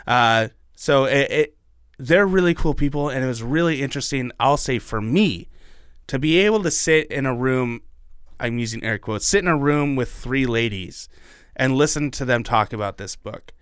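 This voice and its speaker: A man's voice: medium pitch, lively intonation, normal speed, a bit bright, smooth, no echo, clean studio sound. A young man co-hosting a podcast in casual chat, rambling with restarts and the odd swear word. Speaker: podcast co-host.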